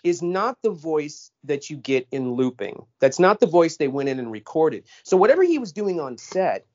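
Animated ranting man. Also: on the high side, normal speed, muffled recording. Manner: animated, ranting, stammering restarts. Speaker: podcast co-host. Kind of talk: casual film chat.

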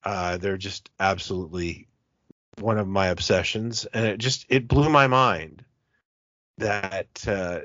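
Lower-pitched man chatting on a dull, dry recording. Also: slow, a bit bright, no room sound. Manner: enthusiastic, rambling storyteller. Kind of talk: casual chat about cult films.

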